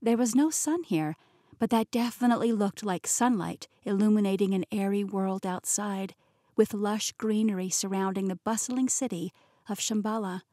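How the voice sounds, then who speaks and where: A woman reading a first-person fantasy novel as a professional audiobook narrator, in a smooth, even-paced telling. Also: mid-range voice, normal speed, no room sound, clean studio sound. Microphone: close studio mic.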